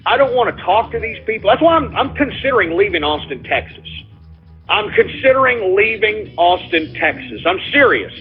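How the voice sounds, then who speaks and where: A man's voice: high-pitched, sing-song, normal speed, soft background music. A man hosting a call-in radio show, ranting heatedly with lots of profanity and repetition. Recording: lo-fi phone-like sound.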